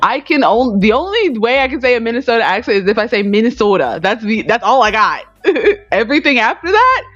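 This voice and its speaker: A woman's voice: on the high side, sing-song, a little fast, fairly bright tone, dry recording, dull audio, faint music behind. A woman co-hosting a casual livestream from home, chatty and wry, laughing easily. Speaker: livestream co-host. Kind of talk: casual chat.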